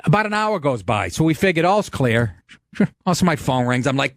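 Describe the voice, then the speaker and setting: A man hosting a podcast, telling a comic story in a profane, animated way and laughing as he goes. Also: fairly high pitch, fairly quick, dry recording, studio quality. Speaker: podcast host.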